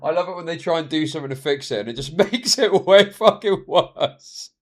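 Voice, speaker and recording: A man's voice: a little high, animated, a little fast. A man, streaming and reacting to a video with laughing, mocking asides.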